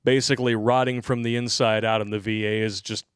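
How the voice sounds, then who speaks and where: A man's voice: lowish voice, level tone, a little fast, clean tone, no room sound, studio quality. A man hosting a live podcast, reading listener messages aloud with a wry manner. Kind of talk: reading aloud and casual chat.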